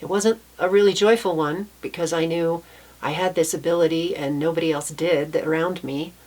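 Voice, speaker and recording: Low-voiced woman telling a personal story. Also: steady tone, moderate pace. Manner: soft-spoken, reflective, with small restarts.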